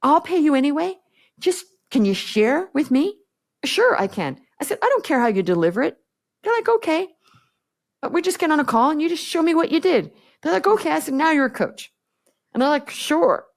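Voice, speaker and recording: Appearing as a guest on a podcast interview, a woman business coach speaks bluntly and directly in a high, very animated voice, a little on the fast side. She acts out the exchanges she quotes.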